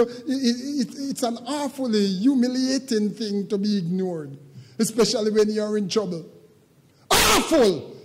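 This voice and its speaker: An older man preaching a sermon as pastor, moving from quiet, halting reflection to loud, shouted preaching. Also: high-pitched, in a large hall. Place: church sanctuary.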